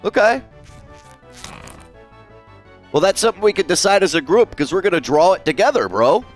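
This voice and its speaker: A man's voice: high voice, big pitch swings, fast, faint music behind. A man live-streaming while he draws, chatting casually, swearing freely and reading out viewers' messages. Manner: chatty, swears freely, reads chat aloud.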